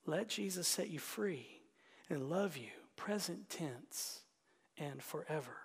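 Slow-preaching pastor in reverberant church. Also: male voice, a little high, expressive, vocal fry, breathy edge. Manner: slow, swings from hushed whispers to loud emphatic preaching. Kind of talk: sermon.

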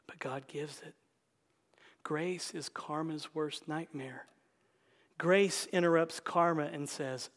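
A male pastor preaching a sermon, swinging from loud calls to hushed whispers. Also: on the high side, fairly even intonation, slow. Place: church sanctuary. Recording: long reverb in a large church hall.

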